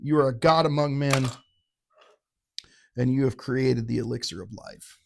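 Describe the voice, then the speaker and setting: This middle-aged reviewer tastes whiskey in a casual, wandering, irreverent way, often making himself the joke. His mid-range voice carries vocal fry at a moderate pace.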